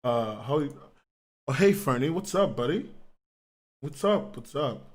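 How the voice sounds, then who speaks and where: A man's voice: mid-range voice, expressive, normal speed. Rambling casual male stream host. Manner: rambling, greets viewers by name, frequent laughs and restarts; swears casually. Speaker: podcast host. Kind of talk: casual pre-show ramble on a livestream.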